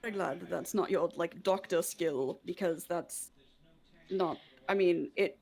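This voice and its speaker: A woman's voice: lowish voice, takes it slowly, vocal fry, a little mellow. A woman playing a tabletop game, playful and asking questions. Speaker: player.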